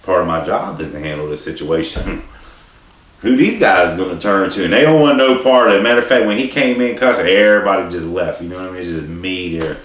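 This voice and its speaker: A man's voice: deep voice, a little fast, a bit bright. A man telling a story in a casual, rambling, profane way, with many restarts and asides. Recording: echoey room, distant mic, faint hiss.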